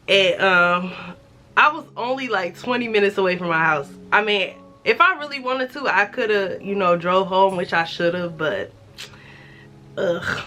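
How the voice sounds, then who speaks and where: A woman in her twenties tells a story-time vlog in a lively, profane way and acts out each quoted line. Her voice is bright and forward, at a middle pitch. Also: a little slow. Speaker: vlogger.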